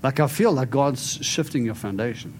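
A man preaching and praying over people in an animated, storytelling way. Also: mid-range voice, moderate pace, a little hiss or hum. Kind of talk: prophetic ministry preaching and prayer.

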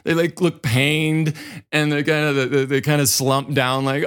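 A middle-aged man with a Dakota accent hosting a podcast, telling stories in a self-deprecating, animated way. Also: fairly high pitch, measured pace, clean tone. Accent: American, Dakota. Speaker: podcast host. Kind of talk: casual solo podcast talk.

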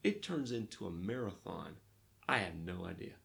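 Gravelly-voiced pastor telling stories. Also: male voice, sits low, moderate pace. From Arkansas, United States. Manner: lively storyteller who acts out dialogue. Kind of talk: casual interview storytelling.

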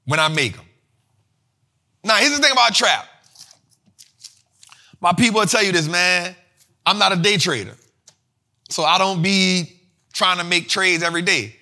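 Man, investing host, high-pitched, very bright forceful tone, slangy, repeats himself. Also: measured pace, pauses often. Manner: slangy, repetitive, animated explaining. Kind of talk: casual finance teaching.

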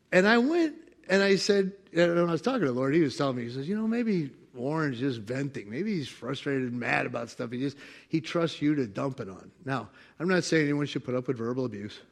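A middle-aged man preaching a sermon full of personal stories, dropping to quiet asides and rising to loud, driven preaching as he acts out the voices in them. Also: a little high, lively intonation, moderate pace. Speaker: pastor.

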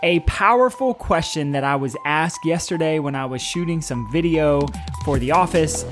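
A man's voice: fairly high pitch, moderate pace, a bit bright, faint music behind. A man hosting his own podcast as a chiropractor, talking in a fired-up, emphatic way and repeating key phrases for punch. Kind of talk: motivational solo podcast talk.

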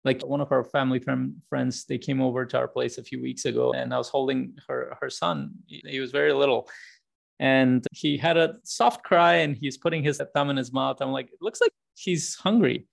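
A man's voice: mid-range voice, little pitch movement, moderate pace, vocal fry. A man in his thirties hosting a podcast, talking in a casual, rambling way with frequent restarts. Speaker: podcast host.

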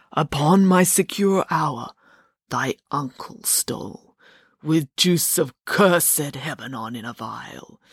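The narrator voicing the ghost of a murdered king, slow and drawn out, in a home office. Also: mid-range voice, dry recording, studio quality.

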